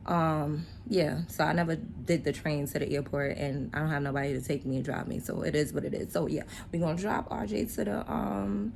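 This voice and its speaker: A woman's voice: lowish voice, creaky. A woman in her forties vlogging on her phone, talking casually and straight to her viewers as she heads out. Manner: relaxed, talks straight to viewers. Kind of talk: casual chatty vlog. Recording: loud street traffic noise.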